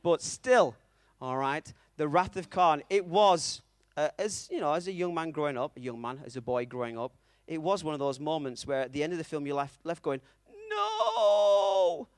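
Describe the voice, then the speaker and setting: Chatty preacher, dry sound. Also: male voice, fairly high pitch, a little fast, hardly any pauses, no echo. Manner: chatty, checks in often with the audience, self-mocking. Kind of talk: conversational sermon with storytelling.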